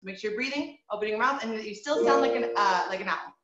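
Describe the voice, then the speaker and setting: A woman's voice: a little high, fast talker, fairly bright tone. Encouraging woman voice teacher on a call. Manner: encouraging, demonstrative, models owl hoots and bird sounds. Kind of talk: online group voice lesson for kids. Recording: echoey, dull lo-fi call audio.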